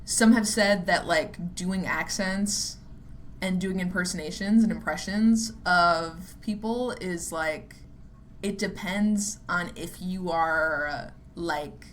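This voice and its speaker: A young woman hosts a solo podcast, musing aloud in a low-leaning voice at a slow pace. She drifts between thoughts, says "like" constantly, and has a self-deprecating edge, with a casual, unpolished delivery, the odd swear word, and faint ambient noise underneath.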